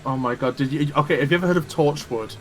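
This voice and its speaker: A man's voice: on the high side, fast talker, faint music behind. A man streaming a game, chatting casually and teasing his partner, swearing freely. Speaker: streamer, host. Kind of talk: casual gameplay chat.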